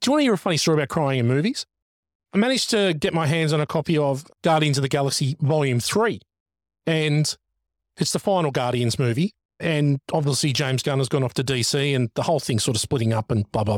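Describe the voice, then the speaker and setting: Male co-host, forties, slightly high voice, dry close mic, tells stories with lively put-on quotes. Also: a little fast, dry recording. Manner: animated storyteller, jumps higher acting out quotes. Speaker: podcast co-host. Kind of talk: casual chat.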